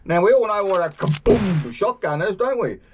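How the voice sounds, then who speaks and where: A man's voice: high voice, big pitch swings, normal speed, slight background noise. A man with a New Zealand accent hosting a travel video, explaining slang in a jokey, playful way. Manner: jokey, playful, chuckling asides. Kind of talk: upbeat scripted explainer to camera.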